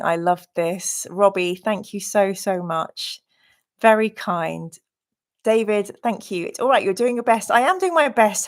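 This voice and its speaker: A woman hosting a live game stream, gushingly thanking viewers and reading out their comments. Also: medium pitch.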